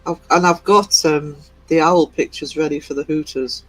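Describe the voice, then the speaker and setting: A man's voice: a little high, fairly even intonation, moderate pace, rough recording. A man hosting a livestream, giggling as he reads out chat messages. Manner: giggly, reading chat aloud. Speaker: livestream host. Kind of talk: casual live-stream chat. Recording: faint music behind.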